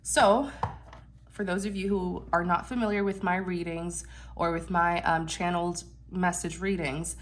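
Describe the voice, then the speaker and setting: A woman with a nasal, congested voice giving a channeled tarot reading, gentle and reassuring with many fillers and restarts. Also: on the low side, steady tone, measured pace, slight background noise. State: unwell, congested. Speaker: tarot reader.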